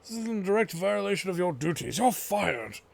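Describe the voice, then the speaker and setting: A man voicing an angry male doctor who shouts indignantly in a game story. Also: high voice, sing-song, normal speed, creaky, voice pushed up, heavily acted.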